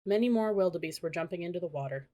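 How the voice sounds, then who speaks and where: Audiobook narrator: woman, lowish voice, steady children's storytelling. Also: fast.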